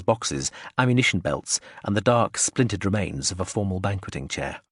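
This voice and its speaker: A man narrating a science-fiction audiobook in a measured, expressive storytelling manner. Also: fairly low pitch, dry recording, clean studio sound. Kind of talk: scripted narration.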